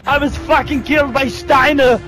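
A man doing a booming mock-Austrian action hero. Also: steady tone, moderate pace, music in the background. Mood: frantic bellowing. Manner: bellowing, frantic, crude. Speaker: gamer in voice chat. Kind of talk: comic impression during online game chat.

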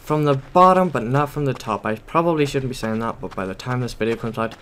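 A man's voice: medium pitch, fast, a little hiss or hum. A man giving casual gameplay commentary while playing at his computer, rambling and hesitant, full of ums and self-corrections. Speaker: gaming YouTuber.

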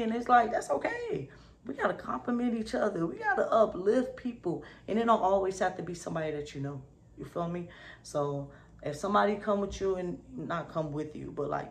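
Chill woman talking to the camera, lowish voice, slangy and upbeat. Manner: slangy and upbeat, keeps saying "you feel me". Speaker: vlogger. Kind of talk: casual motivational talk to camera.

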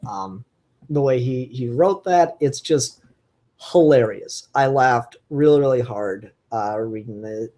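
A comic book reviewer with a medium-pitched, darkish voice hosts a casual solo review podcast. The talk is relaxed and enthusiastic, rambling with lots of fillers and restarts.

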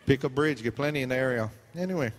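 A man's voice: mid-range voice, quick pace, big-room sound, slight background noise. A man from Hawaii with a Hawaiian Pidgin accent, preaching in a church and teasing his congregation with jokes. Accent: Hawaiian Pidgin English. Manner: jokey, teasing banter with the crowd. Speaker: pastor. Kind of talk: joking sermon to a congregation. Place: church hall.

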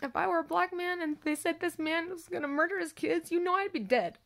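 A young woman vlogger telling a personal story in a distressed, emphatic monologue, her voice swinging between raised cries and low, quiet passages. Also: a little fast, vocal fry.

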